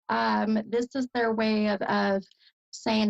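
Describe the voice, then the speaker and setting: A woman's voice: mid-range voice, level tone, takes it slowly, gravelly, lo-fi sound. An American woman hosting a psychic reading as a medium, speaking hesitantly with many fillers and bursts of delight.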